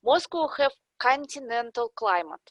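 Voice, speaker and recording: A woman's voice: fairly high pitch, animated, measured pace, no echo. A woman with a Russian accent, a guest expert in a podcast interview, explaining things step by step with examples.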